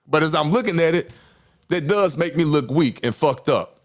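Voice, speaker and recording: Podcast host, man in his fifties, candid and rambling, slightly high voice. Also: expressive, normal speed. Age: 50s. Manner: candid, rambling, repeats himself and swears. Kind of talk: casual chat.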